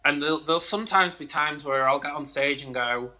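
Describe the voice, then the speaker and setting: A man appearing as a guest on a drag talk show, joining over a video call. His voice is bright and edged. He talks in an earnest, reflective way about performing. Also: a little high, brisk, rough recording. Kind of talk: casual chat.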